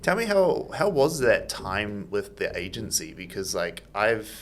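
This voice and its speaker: A man's voice: fairly low pitch, very animated, unhurried, slight background noise. A man hosting a podcast, asking loose, rambling questions full of restarts and fillers. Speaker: podcast host. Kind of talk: casual interview chat.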